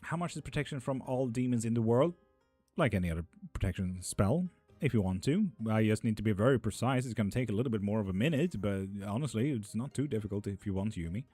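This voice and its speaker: A man's voice: on the low side, lively intonation, fast talker, warm tone, slightly rough, dry recording, faint music behind. A young man hosting a casual live stream from home, reading chat aloud and bantering with loose, foul-mouthed humor. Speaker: streamer giving tarot readings.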